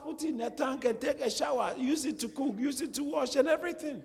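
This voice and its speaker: Extremely high-pitched and creaky, this man's voice races along at a quick pace through an animated sermon. He asks rhetorical questions, jokes with his listeners and laughs at his own humor, all under long hall reverb.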